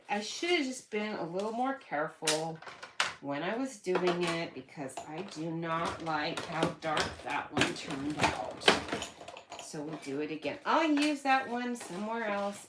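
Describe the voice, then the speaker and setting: Hosting a card-making tutorial, a woman with a fairly low, expressive voice talks at a measured pace while she works at her craft table. She chats casually, thinks aloud, corrects herself and laughs at herself over loud background noise.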